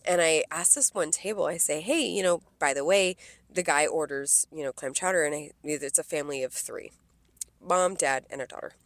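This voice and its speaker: A young woman co-hosts a podcast in a loose, chatty way, full of swearing and acted-out customer voices. Her voice sits a little low. The sound is close and dry. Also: moderate pace, dry recording. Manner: animated storyteller, swears freely, acts out customers' lines. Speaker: podcast co-host. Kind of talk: casual chat, storytelling.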